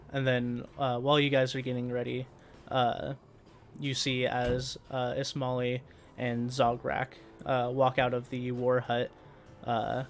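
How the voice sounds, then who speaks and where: Slow, halting male game master. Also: mid-range voice. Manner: halting, full of fillers. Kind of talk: narrating a tabletop game.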